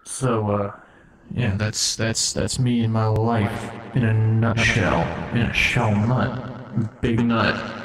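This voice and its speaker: Playing God for laughs, a male streamer with a fairly low voice rambles profanely and keeps cutting himself off partway through sentences, heard on a low-quality recording.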